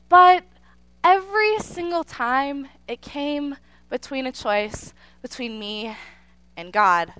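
High, lively young woman telling her story. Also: smooth, no echo. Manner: expressive storytelling with dramatic pauses; addresses the listeners directly. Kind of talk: personal faith testimony told to an audience.

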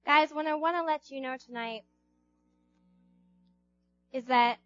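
A woman's voice: high voice, unhurried, pauses often, no room sound, muffled recording, faint music behind. A young woman giving a casual youth sermon, chatty, acting out Bible characters in little voices. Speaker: youth group speaker.

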